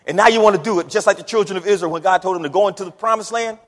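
Preacher guy, high voice, goes from whisper quiet to shouting, big echoey hall. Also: very fast. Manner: dramatic swings from near-whisper to shouting. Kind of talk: sermon.

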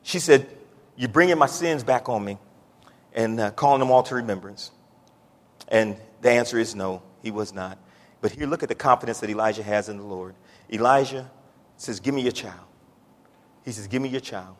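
A man preaching a sermon in a church, building from low, drawn-out talk to shouted, pleading prayer. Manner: Southern-style preaching cadence, says y'all. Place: church sanctuary. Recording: echoey church hall.

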